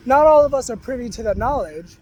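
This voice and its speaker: A man's voice: very high-pitched, expressive, a little fast, noisy background. A man vlogging casually about spiritual ideas, in a loose, rambling way full of fillers, now and then swearing bluntly. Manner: frank, sometimes swearing.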